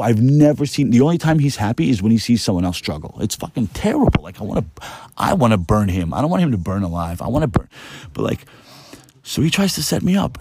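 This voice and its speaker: Male podcast host, casual storyteller: low, mellow voice, profane and rambling, dry close sound. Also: breathy edge, dry recording.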